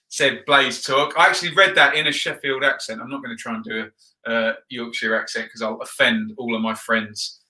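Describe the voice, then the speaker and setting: A man's voice: mid-range voice, steady tone, normal speed, sharp tone. A man hosting a football video, chatting casually and rambling with frequent ums while he reads out viewer comments. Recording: roomy echo.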